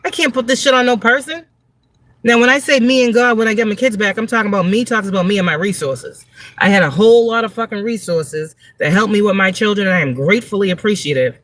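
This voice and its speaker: A woman's voice: a little high, quick pace, fairly bright tone, no echo. Blunt, profane woman reading tarot. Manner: emphatic, repeats words for stress. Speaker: tarot reader and spiritual advisor. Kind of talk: livestream tarot reading monologue.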